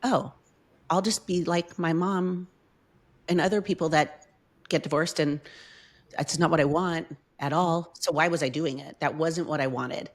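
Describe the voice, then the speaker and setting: A middle-aged woman as a podcast guest, telling a personal story in casual chat with heartfelt emotion. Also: deep voice.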